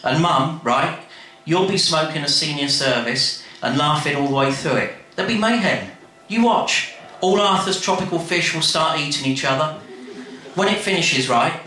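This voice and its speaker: A man telling a comic story in a chatty, animated way, speaking straight to the listener. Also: a little high. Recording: very echoey room, faint noise.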